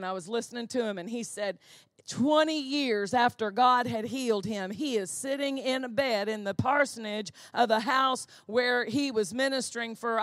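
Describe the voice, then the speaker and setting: High-voiced woman preaching fervently. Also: dry recording, studio quality. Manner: fervent preaching that builds to shouting; repetitive, emphatic phrasing. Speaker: pastor. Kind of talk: sermon.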